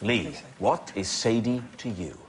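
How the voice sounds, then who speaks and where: Lively, playful male game show host. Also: lowish voice, measured pace, a loud crowd, very noisy. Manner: playful, theatrical. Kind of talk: comedy panel show hosting. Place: TV studio with live audience. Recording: live studio audience.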